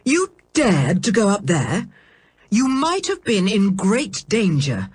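A woman reading a storybook, voicing an absent-minded, irritable middle-aged male scientist who is vague and quick to anger. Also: high-pitched, huge pitch swings, breathy edge, no echo, heavily acted. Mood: furious. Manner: vague, then sharply cross.

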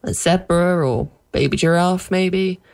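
A woman's voice: fairly low pitch, a little slow, gravelly, darkish tone. A woman doing an amused, reassuring husband. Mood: calm, amused. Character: easygoing amused husband, middle-aged man.

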